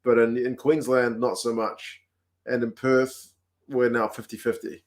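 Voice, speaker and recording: A New Zealand man hosting a livestream, chatting casually and answering viewer comments aloud in a relaxed, talkative way. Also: medium pitch, measured pace. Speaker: livestream host. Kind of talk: casual chat reading comments.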